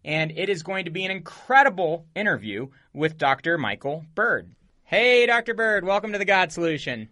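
Male radio host, eager, keen, bright forceful voice, slightly high. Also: big pitch swings, fairly quick, hardly any pauses. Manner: eager, enthusiastic. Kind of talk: radio interview hosting.

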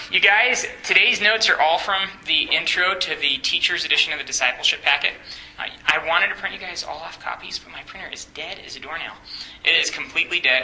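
A man's voice: a little high, bright, forceful tone, roomy sound, low-quality recording. A young man on a campus ministry staff, teaching a Bible study in a conversational way, asking the group questions and joking.

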